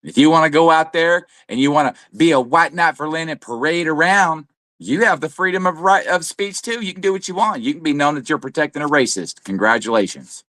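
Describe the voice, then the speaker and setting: A man's voice: on the high side, lively intonation, fairly quick, a bit bright, no echo, clean studio sound. A man co-hosting a livestream, delivering a heated, profane, accusatory tirade. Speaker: livestream co-host. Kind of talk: angry livestream rant.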